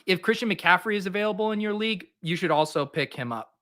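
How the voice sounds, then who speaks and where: Man, high voice, bright tone, teasing podcast host. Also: animated, fast talker. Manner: playful, teasing, crude jokes. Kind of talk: casual chat.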